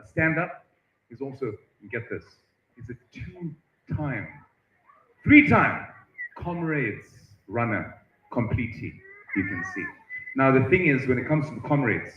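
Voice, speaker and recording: A man hosting at a festival tent, chatting with and teasing visitors in a lively way. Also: mid-range voice. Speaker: event host interviewing visitors. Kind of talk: roving live-stream banter. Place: busy outdoor festival tent. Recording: echoey, muffled stream audio with crowd noise.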